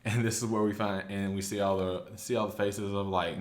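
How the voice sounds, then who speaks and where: A man casually recapping a story, chatty and loose, slipping into quick quoted lines. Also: fairly low pitch, flat delivery. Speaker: anime recap host.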